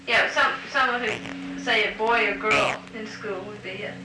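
A woman's voice: mid-range voice, normal speed, music in the background. A woman interviewer asking prompt questions patiently, with frequent ums. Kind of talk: structured question-and-answer interview. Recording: roomy recording with background hiss.

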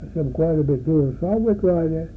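Older man, folksy rambling storyteller, somewhat high-pitched, very dark mellow tone. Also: very fast, slight background noise, poor audio. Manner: rambling, folksy, acts out voices in his stories. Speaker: interviewee. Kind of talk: oral history storytelling.

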